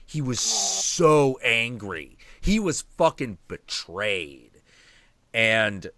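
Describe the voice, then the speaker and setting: A man hosting a stream, telling a story in a casual, animated, profane and rambling way. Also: medium pitch, no room sound, studio quality.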